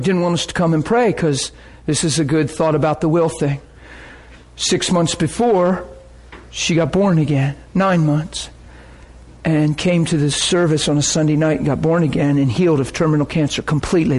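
A male pastor telling stories in a sermon, animated, acting out the people he quotes and breaking into high cries when excited. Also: moderate pace. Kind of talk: sermon storytelling.

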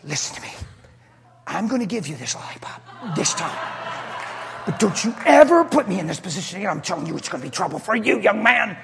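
A man's voice: a little high, sing-song, a little fast, gravelly, a bit bright, long reverb tail, slight background noise, full character voice. A man voicing a flustered mother who scolds her child in a store. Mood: scolding. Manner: pleading then stern scolding.

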